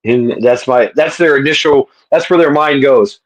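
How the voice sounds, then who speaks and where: A man in casual chat, explaining in a halting way while he searches for words. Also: medium pitch, low-quality recording.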